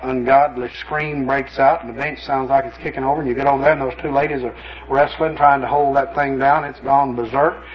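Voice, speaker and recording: A man's voice: medium pitch, steady tone, a little fast, highs cut off, a crowd in the background. A man, a pastor, telling stories in a folksy, anecdotal sermon. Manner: folksy, anecdotal, lots of "you know". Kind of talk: sermon storytelling.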